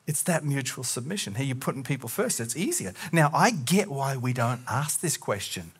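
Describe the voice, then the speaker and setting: A man preaching a sermon as a pastor, talking earnestly and telling personal stories, and acting out remembered conversations in lively bits. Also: medium pitch, normal speed, hardly any pauses, husky. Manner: animated, acts out remembered conversations.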